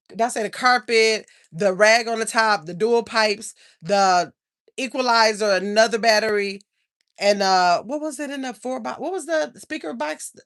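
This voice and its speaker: An older woman chats casually on a livestream. She rambles, stops to search for things, and calls her viewers y'all. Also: fairly high pitch. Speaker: channel host.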